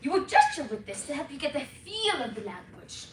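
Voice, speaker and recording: A young woman on stage doing a bossy, pompous accent teacher with a fake British accent, her voice high and swooping at an unhurried pace. She is heard from a distance in an echoey school hall with steady background noise. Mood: theatrical. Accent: put-on British. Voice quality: theatrical, exaggerated, pompous. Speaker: student competitor performing a comic piece. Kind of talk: humorous stage performance. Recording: echoey hall from far off, noisy.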